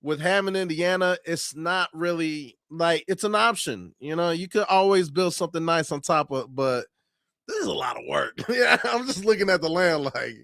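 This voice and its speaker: A man's voice: fairly high pitch, expressive, normal speed, bright, forceful tone, dry recording, studio quality. Laughing slangy man reacting to news. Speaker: sports channel host reacting to news. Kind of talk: casual reaction commentary.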